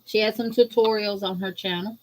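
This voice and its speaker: A woman from Louisiana with a Southern accent, guest-hosting a crochet livestream and chatting casually with viewers, greeting them in a folksy, drawn-out way. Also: medium pitch, steady tone, darkish tone, a little hiss or hum. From Louisiana, USA. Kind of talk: casual livestream chat reading viewer comments.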